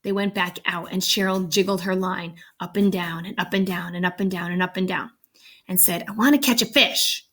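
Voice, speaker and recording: A woman's voice: lowish voice, level tone, normal speed. Chatty woman reading a storybook aloud. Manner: chatty, amused asides. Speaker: storybook reader. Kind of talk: read-aloud storytelling with asides.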